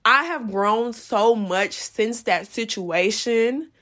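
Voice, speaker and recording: A young woman tells a personal story on her podcast in a loose, casual flow. Her voice sits a little high, and her delivery is animated and profane. Now and then she jumps into loud re-enacted quotes. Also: slow. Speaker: podcast host.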